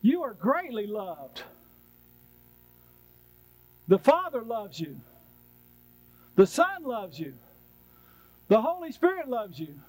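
A man's voice: very high-pitched, very animated, takes it slowly, long pauses, darkish tone, no room sound, poor audio. A male pastor preaching a sermon in a church, driving his points home with repeated refrains.

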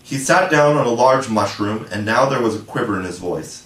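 A man's voice: on the low side, expressive, moderate pace, a bit bright. A man reading a classic children's novel aloud as an audiobook narrator. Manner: storytelling reading. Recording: echoey room, from far off.

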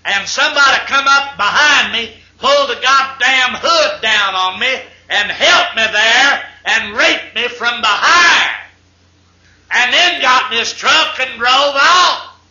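A man voicing a flustered young woman stranded on a highway, speaking in a slow, strained drawl on a hissy 8-track tape recording. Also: pushed and bright, reverberant, highs cut off. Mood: indignant.

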